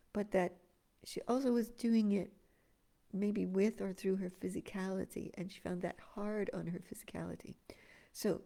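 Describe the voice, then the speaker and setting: A woman spiritual teacher giving an expressive energy-work talk to an online group, dropping to a breathy whisper in places. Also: on the low side.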